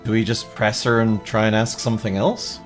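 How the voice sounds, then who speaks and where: A woman's voice: rumbling low, fairly even intonation, a little fast, faint music behind. A woman streamer playing through a video game and chatting with a co-player. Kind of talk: reading game dialogue on stream.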